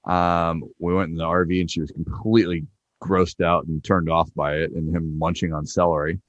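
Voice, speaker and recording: A man co-hosting a podcast, chatting casually about a TV show, often pausing with ums and uhs. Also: sits low, level tone, dry recording, muffled recording. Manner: halting, with frequent ums and uhs. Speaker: podcast co-host. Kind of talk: casual chat, recapping a TV show.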